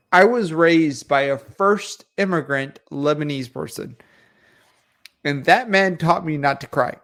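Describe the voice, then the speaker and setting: Brash, swearing livestream host. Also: male voice, fairly high pitch, animated, slow, fairly bright tone. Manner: ranting, swears freely, laughs often. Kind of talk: casual livestream chat.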